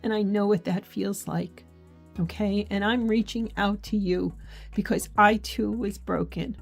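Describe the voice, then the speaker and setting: A woman's voice: mid-range voice, fairly even intonation, measured pace, gravelly, faint music behind. A middle-aged woman talking earnestly and encouragingly in a devotional vlog, sometimes reading scripture aloud. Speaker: faith journaling vlogger. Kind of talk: heartfelt devotional chat.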